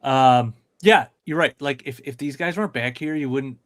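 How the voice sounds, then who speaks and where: A man's voice: medium pitch, moderate pace, no echo, studio quality. Laid-back man co-hosting a chat. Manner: easygoing, lots of yeahs and all rights. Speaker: podcast co-host reviewing toy photos. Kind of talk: casual chat.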